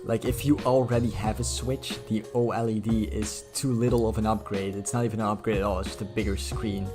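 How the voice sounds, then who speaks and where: A man's voice: lowish voice, steady tone, fairly quick, music in the background. A man hosting a reaction video, answering a clip with blunt, sarcastic, profane rebuttals. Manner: sarcastic, blunt, swears freely.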